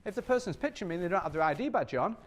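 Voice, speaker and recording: A man with a high voice delivers rapid-fire talk at a sales training workshop. Energetic and repetitive, he keeps dramatizing customer scenes along the way.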